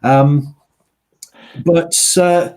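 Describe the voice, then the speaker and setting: A man's voice: fairly high pitch, fairly even intonation, very slow, darkish tone. A middle-aged man from Yorkshire who narrates audiobooks, chatting loosely with a lot of fillers and restarts. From Yorkshire, England. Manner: rambling, many fillers and restarts. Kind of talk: casual conversation, online book club.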